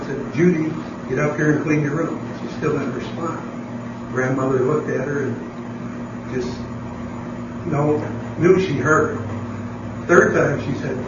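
A man from the congregation telling a story in a plain, steady way. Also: mid-range voice. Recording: distant voice in a very echoey room, dull sound, loud noise.

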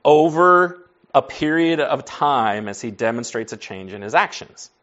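A man's voice: mid-range voice, lively intonation, measured pace, a bit bright, highs cut off. Folksy man teaching a Bible class. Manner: asks the group questions and answers them; folksy, says y'all and like.

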